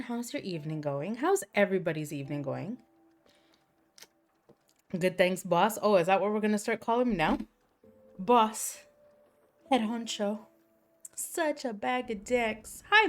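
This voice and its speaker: A young adult woman streamer in casual chat, telling crude, candid stories in a rambling way. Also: medium pitch.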